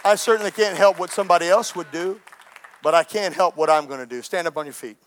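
A man with a high voice delivers an impassioned sermon to his congregation. He moves from raised, emphatic declarations to hushed, earnest pleading. His preaching sounds like it is delivered in a church. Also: quick pace, a faint crowd. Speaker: pastor.

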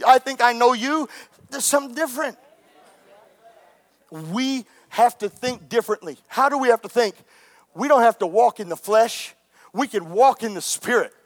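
A man with a high voice delivers an impassioned sermon to his congregation. He moves from raised, emphatic declarations to hushed, earnest pleading. His preaching sounds like it is delivered in a church. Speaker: pastor.

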